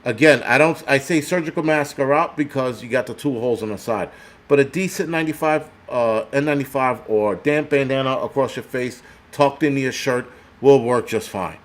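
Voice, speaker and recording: The clip features an older New York City man, a prepper channel host, at medium pitch and normal speed. His angry vlog rant is loaded with profanity and sarcasm, and he mocks others by imitating their voices.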